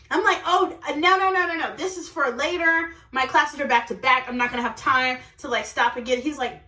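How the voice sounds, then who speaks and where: Young woman vlogger, bright high voice, lively storyteller, echoey room, a little off mic. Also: fairly quick, hardly any pauses, far from the mic. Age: young adult. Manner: animated, laughs often, says okay and like a lot. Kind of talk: storytime vlog.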